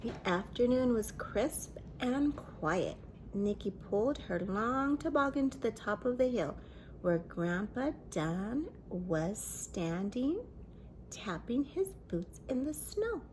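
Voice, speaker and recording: A woman, a daycare teacher, reading a children's picture book aloud with expressive delivery and soft whispered asides. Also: a little high, slow pace, slight background noise.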